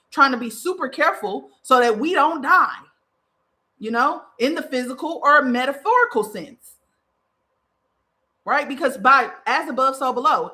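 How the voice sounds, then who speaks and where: Woman, podcast host, spiritual monologue, fiery, profane, repetitive emphasis, somewhat high pitch. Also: pushed and bright. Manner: fiery, profane and preachy, with repeated emphatic phrases.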